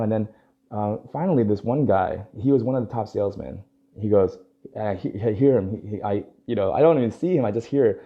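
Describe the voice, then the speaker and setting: A man's voice: on the low side, normal speed, dark tone. A young adult man telling a story in casual talk, acting out dialogue and laughing often. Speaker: dog groomer and vlogger. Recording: dull lo-fi recording.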